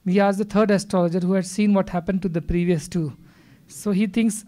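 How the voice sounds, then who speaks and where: Man spiritual teacher in a hall, mellow voice, slow patient storytelling style. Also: high voice, fairly even intonation. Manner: measured, explains with stories and scripture verses. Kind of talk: satsang discourse.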